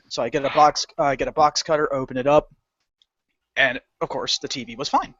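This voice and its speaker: Young male co-host, high lively voice, swears a lot, dry lo-fi sound. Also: fast talker, no room sound. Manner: animated, swearing, acts out customer voices. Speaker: podcast co-host. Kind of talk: casual storytelling rant.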